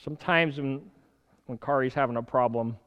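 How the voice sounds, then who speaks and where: A man preaching a sermon in an animated way, swinging from loud, urgent bursts to quiet asides, with the odd chuckle. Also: mid-range voice, moderate pace, clean tone, long reverb tail, dull audio.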